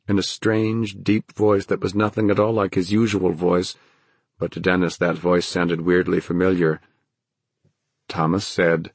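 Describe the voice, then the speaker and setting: A man narrating a fantasy audiobook in a measured, dramatic storytelling manner. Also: deep voice, flat delivery, vocal fry, breathy edge, dry recording.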